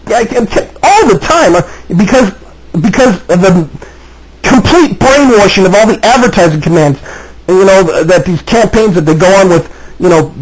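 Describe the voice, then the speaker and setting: Speaking at a moderate pace, this man has a high, very animated voice with a slightly rough texture, captured on a rough recording. He's delivering an agitated monologue to camera, circling back on his words and frequently restarting.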